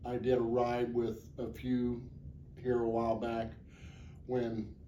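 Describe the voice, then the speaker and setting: A man's voice: mid-range voice, completely flat delivery, takes it slowly, mellow, far from the mic, dull audio. A man answering interview questions as the organizer of a charity motorcycle ride, plainspoken, earnest and rambling. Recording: echoey, off-mic, faint background noise.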